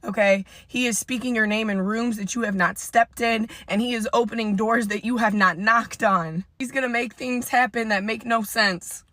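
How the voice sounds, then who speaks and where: A woman's voice: a little high, steady tone, moderate pace, hardly any pauses, bright, forceful tone, dry recording. A woman fitness trainer recording a vlog in her parked car, emotional and holding back tears, stressing her points by repeating them.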